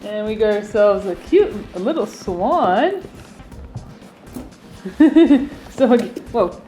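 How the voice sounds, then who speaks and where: A woman's voice: medium pitch, sing-song, very slow, dark tone, low-quality recording. A woman hosting a playful family video, cheerfully announcing each toy and laughing often. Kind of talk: playful commentary. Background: music.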